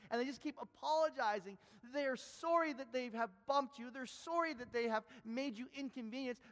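Man, sermon, high voice, earnest, repeats words, long hall reverb. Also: a bit bright. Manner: earnest, repeats words as he builds each point. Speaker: preacher.

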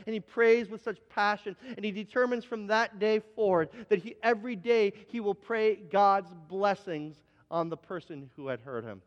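A man preaching a sermon as pastor, telling a story with acted-out quotes and often repeating his words. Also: high voice. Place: church sanctuary. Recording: dull, reverberant church hall.

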